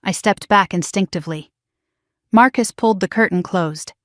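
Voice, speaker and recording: A woman narrating a dramatic first-person family story in a hushed, emotional way on a close mic. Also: mid-range voice, normal speed, no echo.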